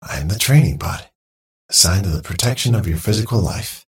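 A man voicing a male training robot that talks in stiff, clinical phrases, with a husky, creaky voice. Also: low voice, lively intonation, brisk, pitched above the performer's own voice, exaggerated voice. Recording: dry close mic, faint music.

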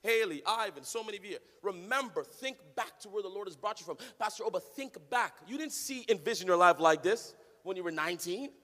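A man preaching a sermon to a congregation, swinging from low conversational talk to loud sing-song shouting. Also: expressive, brisk, few pauses, big-room sound. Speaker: pastor. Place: church hall with congregation.

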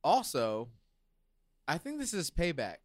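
A man's voice: fairly high pitch, wildly swooping pitch, measured pace. A man co-hosting a casual podcast, teasing and cutting in with emphatic remarks. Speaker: podcast co-host. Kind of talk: casual chat.

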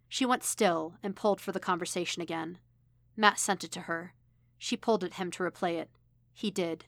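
A woman reads a story aloud in a steady, even manner. Her voice sits low with a gravelly fry, recorded close and dry. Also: no echo. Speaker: podfic reader. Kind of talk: storytelling narration.

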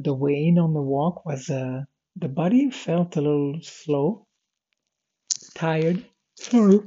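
A man rambles through a daily audio diary, tired and yawning, wandering from topic to topic with plenty of fillers and false starts. His voice is gravelly and a little husky, at a middling pitch. The recording sounds slightly muffled and lo-fi. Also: mellow. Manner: meandering, many fillers and restarts, drifts off topic. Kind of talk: rambling personal diary talk.

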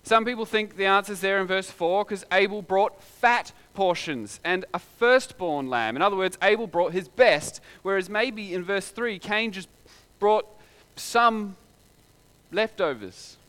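A man's voice: high voice, unhurried, bright, forceful tone, clean tone. A man preaching a sermon in a conversational way, full of rhetorical questions.

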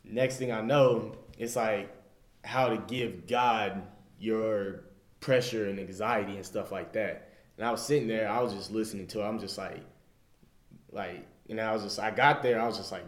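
A man's voice: on the low side, steady tone, normal speed, reverberant. A young man sharing a personal faith story in a group, earnest and rambling, retelling his own words with "I was just like.". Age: young adult. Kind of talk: casual personal testimony.

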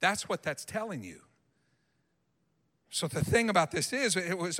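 A male pastor preaching a sermon in a church sanctuary, animated and emphatic, acting out what people say. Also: sits high, unhurried, pauses often, big-room sound.

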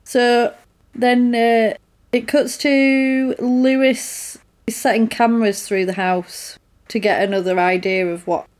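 A woman's voice: on the high side, slow pace. A woman recapping a horror film in casual chat, acting out characters' lines as she goes. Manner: animated retelling with quoted voices.

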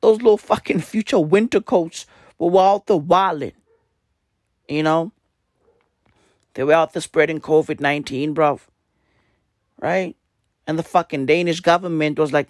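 A man hosting a podcast, with a hoarse, worn-out voice and low energy, talking in a casual, profane comedic rant. He keeps tagging his lines with slang and "right?". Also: a little slow, pauses often, no room sound, studio quality. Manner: profane, repetitive, tags lines with "bruv" and "right?". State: hoarse, voice nearly gone. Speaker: podcast host.

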